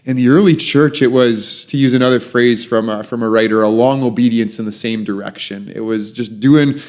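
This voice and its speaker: A man's voice: medium pitch, fairly quick. A man hosting a podcast, reflecting earnestly and thoughtfully on what his guest said. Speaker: podcast host.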